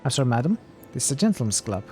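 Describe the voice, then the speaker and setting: A man's voice: mid-range voice, very animated, racing, darkish tone, soft background music, lightly acted. Man voicing a formal, apologetic club doorman. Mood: stiffly polite. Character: polite stuffy male doorman of a gentlemen's club.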